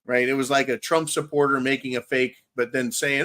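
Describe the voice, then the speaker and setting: A man's voice: mid-range voice, level tone, a little fast, fairly bright tone. A man hosting a live-stream show, talking bluntly and profanely in a casual rant, a little tongue-tied after a couple of drinks. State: slightly tipsy, tongue-tied. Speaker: livestream host.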